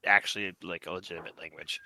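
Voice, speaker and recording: A man's voice: sits low, fairly even intonation, fast, vocal fry, a crowd in the background. A young man co-hosting a podcast, talking bluntly in casual chat, swearing freely and going off on tangents. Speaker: podcast co-host.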